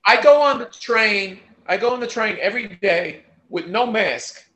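A man's voice: sits high, moderate pace, pushed and bright, roomy sound, rough recording. A man guesting on a casual podcast chat, talking in a brash, profane way.

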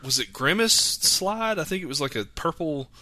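A man's voice: a little high, expressive, normal speed, pushed and bright, no echo. A man, rambling through childhood stories in casual chat as a podcast host. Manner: rambling, self-correcting storyteller.

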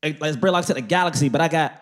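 Male co-host, quick and lively, a bit high-pitched, emphatic slangy storyteller. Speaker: podcast co-host. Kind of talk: live podcast film discussion. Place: live stage at a podcast festival.

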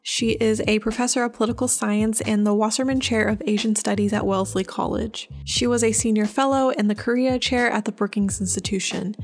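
A woman presenter reading a scripted introduction in a smooth, even delivery. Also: medium pitch, a little fast, few pauses.

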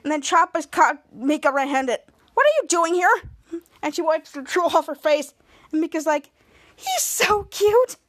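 Here a female podcast host, high-voiced and speaking at a normal speed, goes over a TV episode in a relaxed way. She gives the characters' lines lively voices as she goes.

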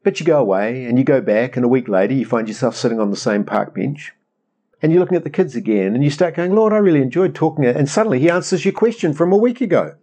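Casting: middle-aged New pastor, chatty, animated, mid-pitched man. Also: quick pace. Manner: animated, rambling storyteller acting out prayers. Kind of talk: conversational sermon.

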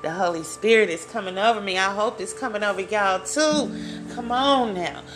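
A woman's voice: medium pitch, normal speed, over music. A woman leading a Bible study, reading scripture aloud and preaching with fervor, repeating phrases and calling out to her listeners. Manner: fervent, repeats phrases, addresses listeners directly.

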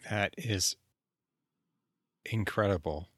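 A man's voice: lowish voice, slow pace, fairly bright tone, no echo, clean studio sound. A man hosting a podcast, responding with affirming comments in a casual interview. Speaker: podcast host.

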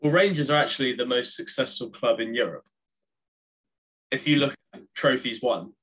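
A man co-hosting a casual football podcast, relaxed and joking. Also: mid-range voice, moderate pace, poor audio. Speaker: podcast co-host.

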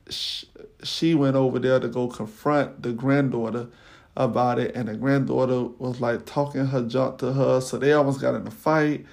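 A man's voice: mid-range voice, gravelly, darkish tone. A man hosting a podcast, casually telling a personal story in slangy talk with many fillers. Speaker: podcast host.

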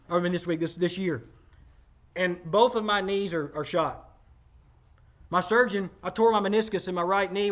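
A man's voice: sits high, a bit bright. A man, preaching a sermon in a conversational, emphatic way, talking straight to the congregation. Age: 40s. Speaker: pastor.

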